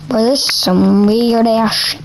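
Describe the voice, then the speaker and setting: Hyped woman shouting over gameplay, high voice. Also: fairly even intonation, unhurried, vocal fry, soft background music, low-quality recording. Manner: hyper, shouty, chanting repeated words. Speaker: gaming video creator. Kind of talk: excited gameplay commentary.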